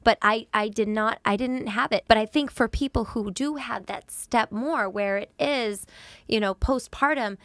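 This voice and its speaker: A woman's voice: a little high, moderate pace, no room sound. A woman hosting a casual interview, talking emphatically with frequent restarts. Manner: emphatic, rambling restarts, shifts to hushed seriousness. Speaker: talk show host.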